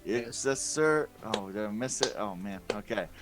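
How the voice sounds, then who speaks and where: A man's voice: lowish voice, animated, normal speed, loud music behind the voice. A man playing in a tabletop game over a lagging video call, joking and making sound effects with his voice. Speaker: player. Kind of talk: casual chat during a tabletop game. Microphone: video call with a lagging connection.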